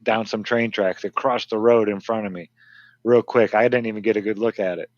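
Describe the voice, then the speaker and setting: A man in his forties from northern Indiana, laid-back and quick to laugh in casual podcast chat. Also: fairly low pitch, steady tone, no echo. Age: 40s. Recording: dull, dry lo-fi recording.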